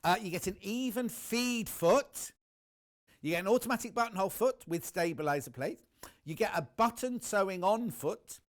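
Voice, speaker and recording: A man's voice: high-pitched, expressive, normal speed. A man presenting a live television shopping demonstration in a TV studio, chatty and enthusiastic, talking straight to viewers.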